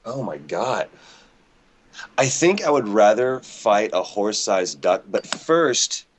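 This man speaks slowly in a lowish voice with big swings in pitch. He's a casual interview guest on an internet call, rambling and joking about himself from home near an airport as aircraft sound faintly behind him.

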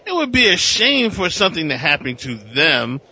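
Animated bright-voiced man, lo-fi recording. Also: on the high side, moderate pace, breathy edge. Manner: animated, acts out characters in silly voices, laughs. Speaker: comic book podcast co-host. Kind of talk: casual comic recap. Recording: dull lo-fi recording.

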